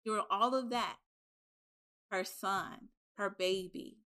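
A woman hosting a podcast, retelling a drama in an animated, emotional way. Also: mid-range voice, takes it slowly. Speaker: podcast host. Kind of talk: casual chat.

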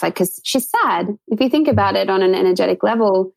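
Gravelly-voiced woman coach, earnest. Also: mid-range voice, lively intonation, a little fast, low-quality recording. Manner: earnest, flowing, lots of "like" and "um". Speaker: podcast guest, intimacy coach. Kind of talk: casual interview talk.

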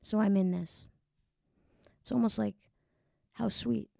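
A woman's voice: medium pitch, fairly even intonation, slow, creaky, dark tone, no echo, clean studio sound. A woman, rambling casually and profanely as a solo podcast host. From New York. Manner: rambling, profane, self-deprecating.

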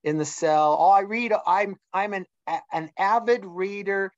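A man's voice: sits high, unhurried, dry recording. A middle-aged man in a casual discussion, telling a story and acting out the dialogue he quotes. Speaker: guest. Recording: dull lo-fi sound.

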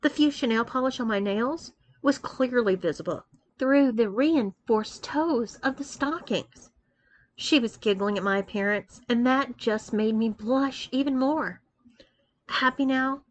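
A woman's voice: a little high, measured pace. A woman reading a story aloud. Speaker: story reader.

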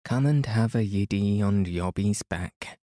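A man's voice: lowish voice, unhurried, warm tone, dry recording, studio quality, lightly acted. A man voicing a cross, sulky young boy who grumbles in a bedtime storybook reading.

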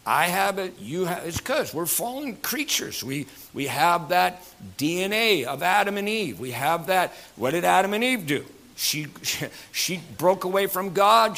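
A male pastor delivers a sermon in a church, his voice high and ringing with a bright, forceful edge. He preaches in an animated, folksy way, full of fillers and jokes, and talks to his congregation.

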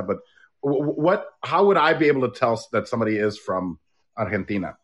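A man's voice: medium pitch, sing-song, moderate pace, fairly bright tone. A man hosting a casual chat, joking and self-deprecating, tossing in playful questions. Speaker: host. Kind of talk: casual live-audio chat.

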